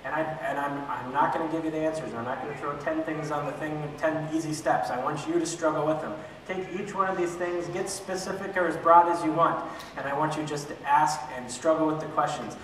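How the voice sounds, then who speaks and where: A man's voice: on the high side, a little fast, a bit bright. A man teaching an adult church class, asking questions and answering them himself, with joking asides. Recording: echoey hall from far off, faint room noise.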